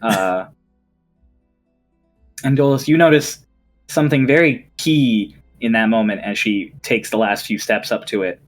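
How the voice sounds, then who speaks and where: A man narrating as dungeon master, relaxed and chatty, with fillers. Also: lowish voice, unhurried, pauses often, soft background music. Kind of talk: narrating a tabletop game.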